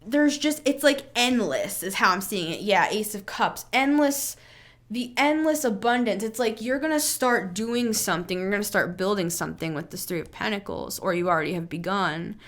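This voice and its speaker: A woman's voice: mid-range voice, expressive, normal speed, a bit bright. Earnest woman giving a tarot reading. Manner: earnest, reassuring, musing with many fillers. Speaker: tarot reader. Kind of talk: casual spoken tarot reading.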